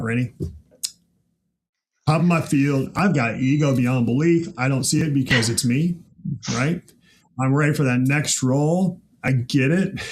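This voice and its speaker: A man who grew up in the Midwest, hosting a casual chat with an animated, laughing manner and frequent rhetorical asides. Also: fairly high pitch, slight background noise. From American Midwest. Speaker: podcast host.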